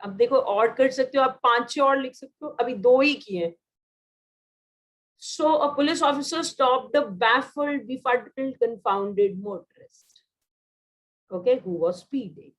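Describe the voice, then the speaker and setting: A woman's voice: fairly high pitch, fast talker, low-quality recording. Indian woman teaching vocabulary, Hindi-English mix. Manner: repeats words, mixes Hindi and English. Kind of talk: online class teaching.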